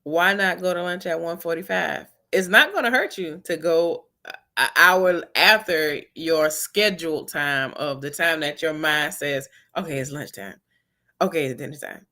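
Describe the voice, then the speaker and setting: A woman's voice: low voice, measured pace, pushed and bright. A woman giving earnest, encouraging wellness advice to her viewers in a casual way, repeating her key points.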